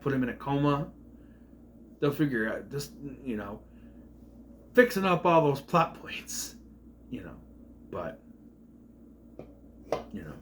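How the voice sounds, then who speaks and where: A man's voice: on the high side, pushed and bright, slight background noise. A man rambling through an opinionated casual review vlog, often trailing off mid-thought. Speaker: TV series reviewer.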